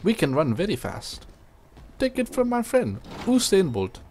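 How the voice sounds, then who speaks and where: A man voicing a laid-back island tour guide in a put-on Jamaican accent, high and sing-song. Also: wildly swooping pitch, measured pace, a little mellow, a little hiss or hum, exaggerated voice. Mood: jokey.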